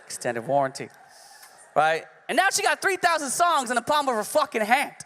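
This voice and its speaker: A stand-up comedian in his thirties performs a brash, profane, punchy set on a club stage, with live hall reverb in the recording. His voice is very high, brisk, pushed, and bright, with huge pitch swings.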